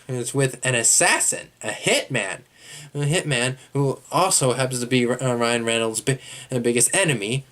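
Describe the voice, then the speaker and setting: A young man giving a casual, unscripted movie review, rambling and halting with lots of fillers and restarts. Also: mid-range voice, fairly bright tone. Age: young adult.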